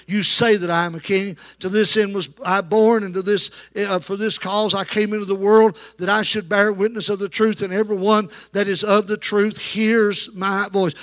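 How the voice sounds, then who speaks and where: A man's voice: high voice, fairly bright tone. A male pastor preaching a sermon, calling out to the congregation for amens as he goes. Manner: preaching with call-and-response to the congregation. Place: church.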